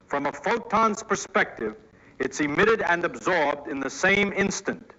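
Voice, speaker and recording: A man narrates a science explainer in a polished, scripted way, explaining step by step. His voice is a little high and sharply bright, heard as a dull, lo-fi playback. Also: animated, unhurried. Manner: explanatory, upbeat teaching tone.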